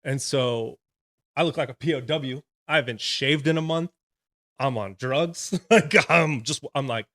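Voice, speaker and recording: A man's voice: mid-range voice, measured pace, fairly bright tone, dry recording, clean studio sound. A man in his thirties, a retired Navy corpsman, telling his story as a podcast guest in a casual, frank way and laughing often.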